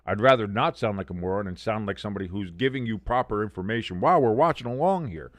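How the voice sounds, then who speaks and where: A man's voice: fairly low pitch, lively intonation, fast talker, no room sound. A man hosting a live watch-along stream, mixing loose, profane chatter with casual play-by-play. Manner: rambling, profane, conversational. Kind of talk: casual live game commentary.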